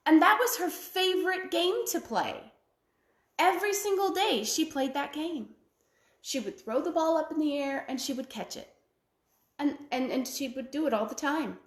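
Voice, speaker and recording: A woman storyteller telling a fairy tale to children, with an expressive, drawn-out delivery. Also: sits high, roomy sound. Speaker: library storyteller.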